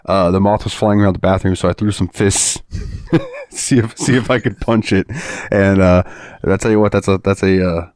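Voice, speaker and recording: A man's voice: low-pitched, huge pitch swings, moderate pace, darkish tone, no echo, studio quality. A man co-hosting a podcast, telling a rambling story in casual chat, laughing and swearing freely. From Florida. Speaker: podcast co-host.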